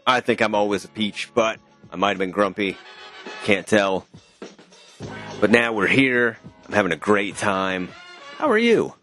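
A man's voice: on the low side, lively intonation, a little slow, fairly bright tone, soft background music. A young man co-hosting a podcast, chatting casually and telling rambling jokey stories into a podcast mic with a pop filter. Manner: joking, rambling storyteller. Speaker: podcast co-host. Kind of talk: casual chat.

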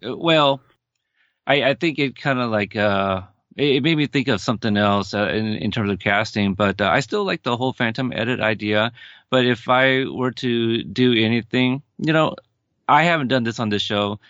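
A man's voice: medium pitch, normal speed, fairly bright tone, no echo, muffled recording. A man in his thirties co-hosting a casual movie chat, hesitant and restarting often. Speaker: podcast co-host.

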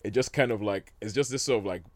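A man's voice: lowish voice, fast talker, dry recording. A man leading a casual chat about old films, rambling with many fillers and restarts and chuckling often. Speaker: film discussion host.

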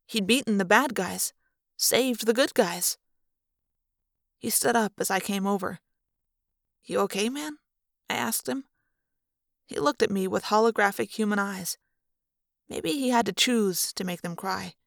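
A woman's voice: mid-range voice, unhurried, vocal fry, pauses often, dry recording. A woman reading a first-person audiobook aloud in an earnest, subdued way on a close microphone. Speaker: reader.

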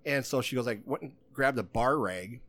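A man's voice: mid-range voice, moderate pace, fairly bright tone. A man in casual chat, telling a long story in a rambling way and often stopping to quote what other people said. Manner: rambling, repeats "she goes" while quoting others.

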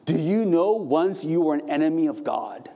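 Impassioned man preaching, mellow voice. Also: a little high, expressive, normal speed, creaky. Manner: impassioned preaching, rising to emphatic peaks then dropping soft. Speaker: pastor. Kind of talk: sermon.

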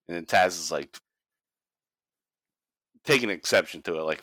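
A man's voice: deep voice, fairly even intonation, moderate pace, long pauses, a bit bright, no room sound. A man hosting a podcast in casual chat, laid-back and crude with jokes. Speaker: podcast host.

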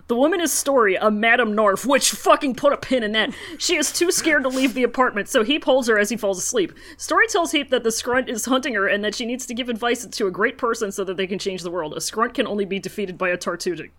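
A woman's voice: fairly high pitch, fast talker, few pauses, a bit bright. A woman co-hosting a casual podcast chat, reading aloud in exasperation and swearing. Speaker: podcast co-host.

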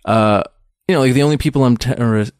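A man's voice: medium pitch, fast talker, a little mellow, dry recording, clean studio sound. A man in his thirties, a stand-up comedian, chatting in an interview in a rambling, self-deprecating way full of restarts. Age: 30s. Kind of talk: casual interview chat.

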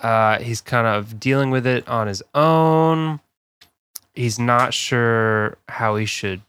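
A man's voice: medium pitch, takes it slowly, fairly bright tone, clear, resonant tone. A man co-hosting a podcast, relaxing into a long story with lots of fillers and laughs. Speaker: podcast co-host. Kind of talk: casual chat, storytelling.

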